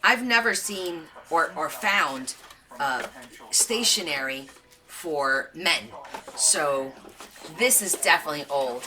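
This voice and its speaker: Lively, bright-voiced chatty woman crafter. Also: deep voice, takes it slowly. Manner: chatty, gushing over thrift finds. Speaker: craft channel host. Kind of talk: casual live show-and-tell.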